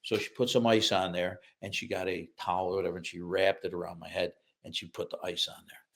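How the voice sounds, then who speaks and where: An older man from upstate New York, an author telling lively childhood anecdotes in a podcast interview. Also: low-pitched, quick pace, vocal fry. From upstate New York, USA. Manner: lively anecdotes, acts out quoted voices, laughs through punchlines. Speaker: author and guest.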